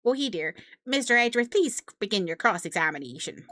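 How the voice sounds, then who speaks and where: A woman voicing an older male judge in a put-on Canadian accent, gruff and fussy. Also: medium pitch, sing-song, a little fast, sharp tone.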